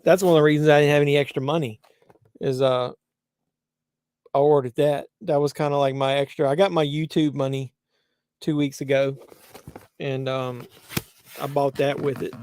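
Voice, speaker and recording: Man, live watch-along host, rambling casual talk, somewhat high-pitched, dry room. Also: flat delivery, moderate pace, pauses often, a little mellow, smooth, no echo. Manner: rambling, conversational, many fillers and restarts.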